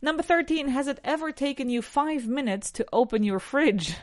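A woman's voice: high-pitched, animated, dry recording, clean studio sound. Spanish-accented woman teaching English. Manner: asks a numbered question, then answers it slowly in full sentences. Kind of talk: podcast lesson, quiz questions and answers.

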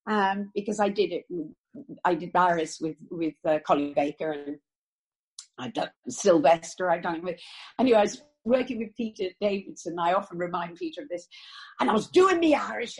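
Older woman, husky and lively. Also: lowish voice, moderate pace. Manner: lively, animated storytelling with acted quotes. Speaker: actress. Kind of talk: interview chat.

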